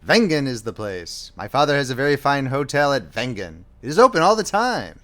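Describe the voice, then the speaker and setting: A man's voice: mid-range voice, very animated, a little fast, fairly bright tone. A man voicing a stiff, thin border lieutenant, formal and politely clipped.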